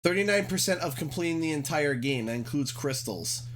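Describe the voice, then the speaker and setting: A man's voice: fairly high pitch, animated, a little fast, a bit bright, a little hiss or hum. A young man from Canada, chatting casually and joking in a rambling way while live-streaming a game.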